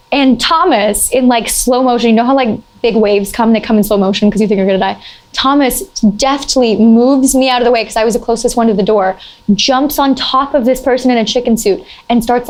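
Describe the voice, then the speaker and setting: A young woman with a slightly high voice tells a casual story, animated and chatty. She leans on "like" as filler and jumps up into shrill exclamations at the big moments. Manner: animated, heavy use of "like" fillers.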